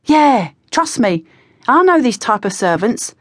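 A woman's voice: a little high, big pitch swings, measured pace, no echo, clean studio sound, pitched above the performer's own voice. A woman voicing a cocky, slangy teenage boy spy who talks in a breezy, conspiratorial way. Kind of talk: audiobook character voice.

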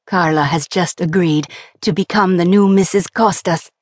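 A woman reading the lines of a joyful young man who has just proposed, in a warm, tender tone, for an audiobook. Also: on the low side, moderate pace, dry recording, studio quality, lightly acted. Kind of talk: audiobook character voice.

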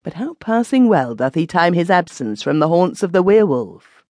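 A woman's voice: lowish voice, very animated, normal speed, darkish tone, no echo, clean studio sound. A woman playing a sly, mocking young man.

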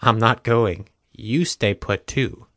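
Smooth smug young guy, calm and cool, as a guy reading a story does him, dry close sound. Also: lowish voice, slow, no echo. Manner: smooth, even, unbothered. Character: smug, calm young man, coolly obsessive.

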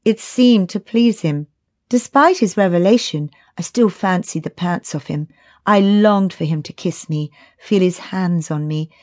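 A woman's voice: fairly low pitch, a little slow, darkish tone, no echo, studio quality. A woman narrating a first-person romance audiobook in a wry, conversational way.

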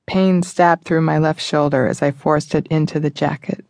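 A man narrating a thriller audiobook in the first person, in a measured, even manner. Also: on the high side, vocal fry, dry recording, studio quality.

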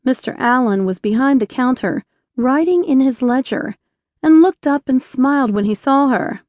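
A woman narrating an inspirational romance audiobook in a measured storytelling voice on a close studio mic. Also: sits high, lively intonation, a little mellow, dry recording. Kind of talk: scripted narration.

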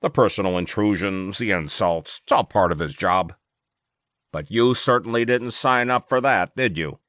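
A man voicing a smooth, falsely concerned male government aide in a storybook reading, talking in a placating way. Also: lowish voice, moderate pace, a bit bright, no room sound, clean studio sound, close to an everyday voice. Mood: persuasive.

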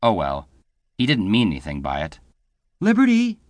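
A man narrating an audiobook in a steady scripted read, shifting into voices for the dialogue. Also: extremely low pitch, brisk, dry recording.

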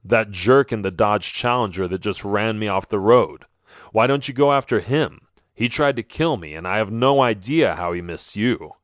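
A rattled former priest speaks in a gruff, lowered voice, indignant and blunt, as a male narrator puts him on. The audiobook sound is dry and close. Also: moderate pace, fairly bright tone, dry recording, natural voice. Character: shaken middle-aged former priest, indignant.

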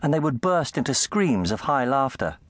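Male storyteller, lively pitch, dry close studio sound, for a children's book. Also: normal speed, no room sound. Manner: animated storytelling, shifting pitch for effect. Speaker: audiobook narrator. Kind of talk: scripted narration.

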